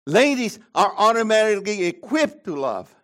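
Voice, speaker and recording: A man preaching a sermon as pastor, swinging between loud high emphasis and low quiet asides. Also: sing-song, moderate pace.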